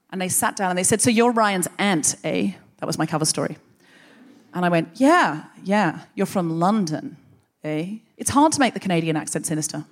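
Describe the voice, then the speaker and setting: A woman host telling a comic story live on stage into a microphone, brisk and wry, with dry asides. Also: lowish voice. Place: live stage before an audience.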